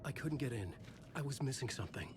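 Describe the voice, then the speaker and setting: An actor voicing a weary, brooding male writer-detective in a game, speaking in a low-key inner monologue. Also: lively intonation, fast talker, background noise, lightly acted. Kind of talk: game character voice-over.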